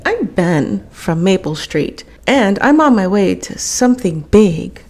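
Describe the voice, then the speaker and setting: A woman's voice: mid-range voice, sing-song, slow, a little mellow. A woman voicing an earnest, scrappy young male mutt in a storybook reading. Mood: plucky. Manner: earnest, plucky.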